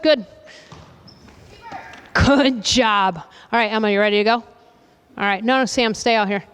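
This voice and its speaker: A woman soccer coach leading a goalkeeping demonstration with players, brisk and directive, checking in with a constant "okay?" and loudly calling out commands. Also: fairly high pitch, smooth. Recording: reverberant hall, voice from a distance.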